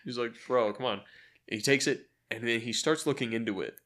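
A man in casual chat, pitching a story idea and acting out quick quoted lines, often laughing. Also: fairly bright tone.

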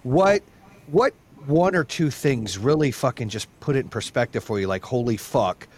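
A man hosting a casual interview, relaxed and encouraging, with some casual swearing. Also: medium pitch, normal speed, a little hiss or hum. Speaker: podcast host.

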